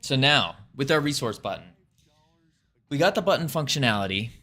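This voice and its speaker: A man's voice: medium pitch, expressive, moderate pace, sharp tone. A man live-streaming his game development, muttering through code and joking about himself. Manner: muttering while reading code, self-deprecating. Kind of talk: casual live coding commentary.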